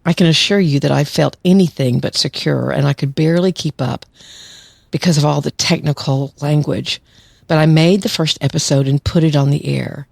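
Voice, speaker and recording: A woman's voice: low-pitched, fairly even intonation, moderate pace, gravelly, slightly rough, no room sound. Chatty woman podcast host, dry close mic. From United States. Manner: warm and chatty, with frequent light laughs. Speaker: podcast host, clinical psychologist. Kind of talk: podcast monologue.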